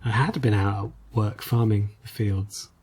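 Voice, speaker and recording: A man's voice: on the low side, steady tone, measured pace, darkish tone, husky. A man co-hosting a podcast, chatting casually about retro games in a rambling, hesitant way with lots of fillers. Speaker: podcast co-host.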